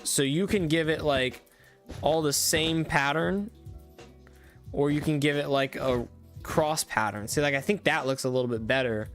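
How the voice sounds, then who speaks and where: A young man casually commenting on a live stream, chatty and enthusiastic with lots of fillers. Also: fairly high pitch. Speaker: streamer reviewing viewer-made game mods.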